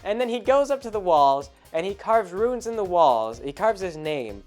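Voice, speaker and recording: A man's voice: sits high, very animated, normal speed, soft background music. A man hosting a podcast, telling a tabletop game story in a casual, rambling way, often breaking off and laughing. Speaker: podcast host.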